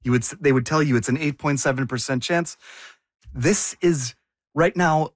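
A man's voice: fairly high pitch, moderate pace, no room sound, studio quality. A man co-hosting a news discussion, asking questions and explaining casually. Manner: questioning, casual, thinks aloud with restarts. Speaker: co-host.

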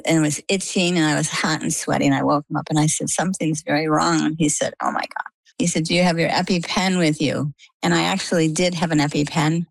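A woman from Maine, an interview guest, telling a personal story with lively storytelling and acted-out dialogue. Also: low-pitched, creaky, no room sound, rough recording. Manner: animated storytelling, acts out quoted dialogue.

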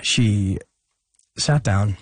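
Young guy from Oregon, choked-up interview guest, husky dry voice, halting delivery. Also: on the low side, no room sound. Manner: halting, lots of fillers and restarts. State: emotional, choking up. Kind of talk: personal storytelling in an interview.

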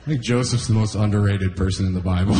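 A young male comedian from Canada works through a stand-up set with a fairly low voice, often laughing at his own lines. The sound is roomy, like a club stage. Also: fairly quick, mellow. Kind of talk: stand-up routine.

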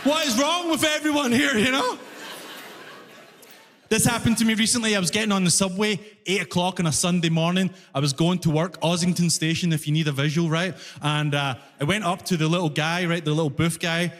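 This stand-up comedian, who immigrated to Canada, speaks briskly in a high voice that rings through a big room. He performs his routine as lively storytelling, voicing each character he describes.

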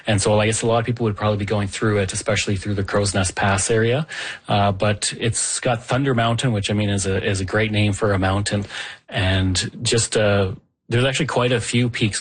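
A man co-hosting a radio call-in show who describes places with rambling enthusiasm. His voice is fairly low and husky. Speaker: radio co-host.

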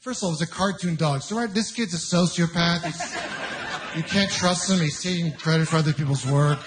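A man doing stand-up comedy, telling stories in an incredulous, exasperated way with quick asides, with an audience laughing. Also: fairly high pitch. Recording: live venue with audience noise.

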